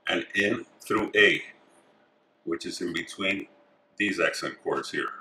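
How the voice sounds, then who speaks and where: A man calmly talking through each step of a craft tutorial as he works with his hands. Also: deep voice, slow pace. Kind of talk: step-by-step instruction. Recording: echoey room.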